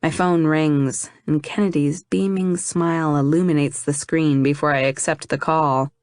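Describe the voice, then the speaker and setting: Woman narrator, lowish voice, soft reflective first-person audiobook read, dry booth sound. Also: fairly even intonation, normal speed, no room sound.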